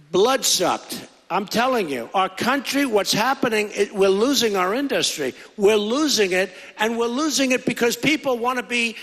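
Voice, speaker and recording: Bright, high-voiced man at a rally. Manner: rambling and repetitive, with conversational asides. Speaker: political candidate. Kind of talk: campaign rally speech. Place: large indoor rally hall. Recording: echoey hall with long reverb.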